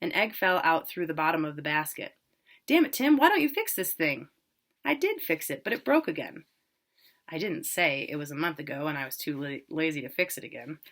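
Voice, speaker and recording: A woman reading a first-person novel aloud in a plain, unhurried way. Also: low-pitched, expressive, a bit bright. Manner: plain, unhurried, with casual asides about pronunciation. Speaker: reader.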